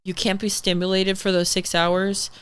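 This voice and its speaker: A young woman guest on a podcast, telling a story in a casual, animated way, swearing freely and acting out what people said. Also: mid-range voice, normal speed, clear, resonant tone. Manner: animated, swears freely, acts out quoted dialogue.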